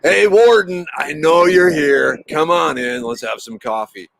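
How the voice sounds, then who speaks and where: A man's voice: mid-range voice, animated, moderate pace, a bit bright, slight background noise. Guy doing a sly old backwoods poacher, hollering, faint birds out back.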